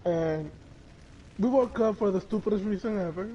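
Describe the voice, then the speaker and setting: A man's voice: sits high, moderate pace, dark tone, dull audio, slight background noise. A man telling a story in casual chat on a stream, crude and rambling, laughing as he goes.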